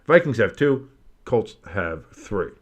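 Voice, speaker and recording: Man, play-by-play streamer, lowish voice, loose and rambling, swears, excited on big plays. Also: takes it slowly. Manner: rambling, swears, breaks off into nostalgic tangents. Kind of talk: casual play-by-play commentary.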